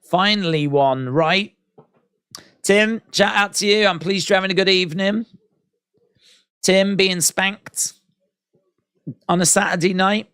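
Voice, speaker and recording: A man's voice: high voice, takes it slowly, long pauses, fairly bright tone, clean tone, dry recording, clean studio sound. A British man hosting a casual live stream, musing aloud, reading out viewer comments and poking fun at himself. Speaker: livestream watch-along host.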